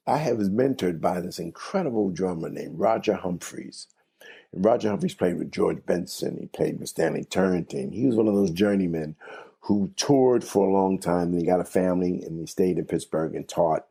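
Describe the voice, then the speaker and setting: Interview guest: older jazz singer from New York, deep husky voice, lively rambling storyteller. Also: male voice. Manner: animated, laughing storyteller with restarts.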